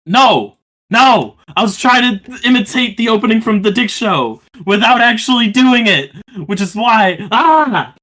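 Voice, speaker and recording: A man with a notably high voice co-hosts a loose, casual podcast chat. He swears freely and is quick to vent his frustrations. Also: expressive, fairly bright tone. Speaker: podcast co-host.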